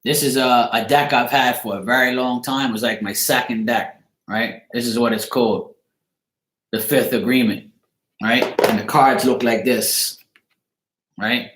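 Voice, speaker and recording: A man's voice: mid-range voice, steady tone, a little slow, a bit bright. Man, Bermudian accent, tarot live-stream host, casual, swears freely, echoey room. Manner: swears freely, greets chat viewers by name.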